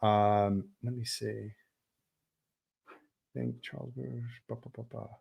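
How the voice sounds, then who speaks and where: A man's voice: medium pitch, flat delivery, slow pace, vocal fry, slightly rough, highs cut off. A middle-aged man, a film director, chatting casually on a livestream and answering viewer questions, rambling with lots of fillers. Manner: rambling, many fillers and restarts.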